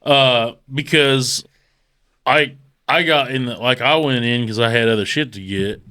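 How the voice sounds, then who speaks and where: A man's voice: mid-range voice, a little slow, bright, forceful tone. A man on a podcast telling a casual story, chuckling and swearing along the way.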